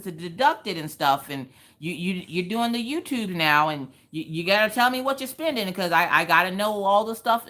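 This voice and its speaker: Low-voiced woman telling a lively story. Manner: animated storyteller, acts out quotes, Southern US slang. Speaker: craft livestream host. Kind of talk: casual storytelling to viewers.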